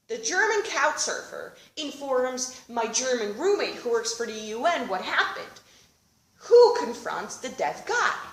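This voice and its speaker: A woman from Europe performing live comedy storytelling, animated and swearing as she acts out the dialogue. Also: high-pitched, roomy sound, a little hiss or hum. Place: theater stage with live audience.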